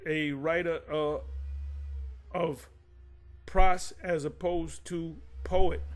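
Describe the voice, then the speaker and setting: A man with a fairly high voice teaches scripture in a loose, off-the-cuff way, stopping to read dictionary definitions aloud. He trips over his words and restarts often, then presses harder and louder to drive a point home. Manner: frequent restarts, addresses listeners directly. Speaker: religious teacher.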